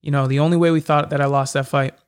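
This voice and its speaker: A man, a mixed martial arts fighter, talking casually in an interview, telling stories quickly with lots of fillers. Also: medium pitch, level tone, smooth. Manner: chatty, quick storytelling with many fillers. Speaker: MMA fighter.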